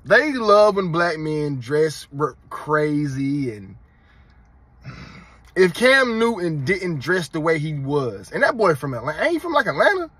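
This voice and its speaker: Husky Southern man ranting on his vlog. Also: fairly high pitch, slow pace, no echo. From North Carolina. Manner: animated, mocking, emphatic rants. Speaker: channel host.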